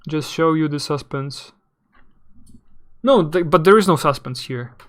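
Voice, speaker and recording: Halting, word-searching man streamer. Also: fairly high pitch. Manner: rambling, halting, searching for words. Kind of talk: casual live game commentary.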